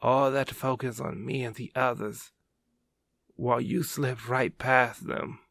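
A man voicing a dying young swordsman who speaks softly and tenderly. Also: mid-range voice, fairly even intonation, a little slow, no room sound. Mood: hushed. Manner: soft, hushed and breathy. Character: dying young male swordsman, gentle and loving.

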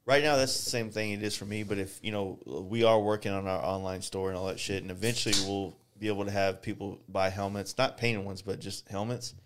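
A man's voice: fairly low pitch, steady tone, fairly quick, few pauses, slight background noise. A man from Texas hosting a podcast in casual chat, blunt and opinionated, with plenty of swearing. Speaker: podcast host.

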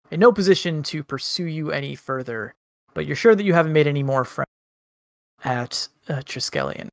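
A man narrating as game master of a tabletop role-playing game, relaxed, with frequent ums. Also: on the high side, no echo, clean studio sound.

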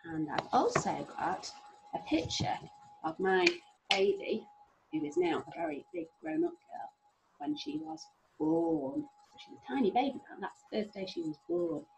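A middle-aged woman leads a phonics lesson for small children, her voice swooping up and down as she sounds out each letter. There is a gravelly edge to her tone, and faint noise sits under the recording. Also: medium pitch, very animated. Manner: slow, sing-song and encouraging, sounding out letters. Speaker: primary school teacher.

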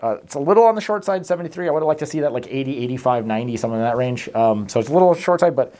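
A man's voice: mid-range voice, expressive, very fast, mellow. A man giving a casual, rambling product review to camera, reading out test numbers and correcting himself often. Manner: rambling, self-correcting, many fillers; reads out test figures plainly. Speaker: mask tester reviewing products.

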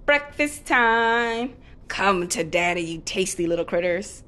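A woman's voice: mid-range voice, animated, slow. Timon, a woman doing a bossy meerkat. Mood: eager. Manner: loud, snappy and scolding. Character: bossy, boastful male meerkat.

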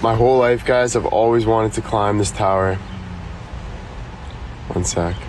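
A man's voice: on the low side, unhurried, a little hiss or hum, rough recording. A young man from Canada chatting casually on a live stream, rambling and joking with lots of fillers.

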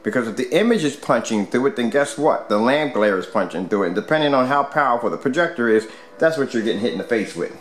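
A man's voice: mid-range voice, lively intonation, quick pace. A man casually demonstrating a product at home, rambling with many fillers and restarts. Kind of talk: casual product demo vlog. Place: home room with squeaky floors.

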